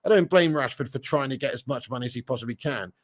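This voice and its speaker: A man's voice: mid-range voice, fast. A man hosting a live football chat, reading out viewer comments and teasing them with blunt jokes and frequent laughter. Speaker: fan channel host reading live chat.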